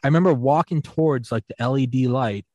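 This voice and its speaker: A man's voice: mid-range voice, fast, a little mellow, no echo, highs cut off. Profane rambling man with a dry sound. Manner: rambling and profane, full of fillers and restarts. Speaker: podcast host. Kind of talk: casual chat, telling a drinking story.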